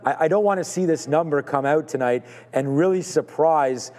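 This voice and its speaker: A man's voice: on the high side, normal speed, a little mellow, big-room sound. A man co-hosting a live stock market show, talking through trades in a hedging, thinking-aloud way with many fillers.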